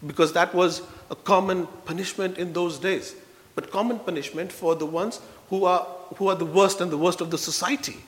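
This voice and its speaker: A man preaching a sermon in a church, earnest, moving between soft low passages and loud emphatic ones. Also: steady tone, moderate pace. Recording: long reverb in a hall.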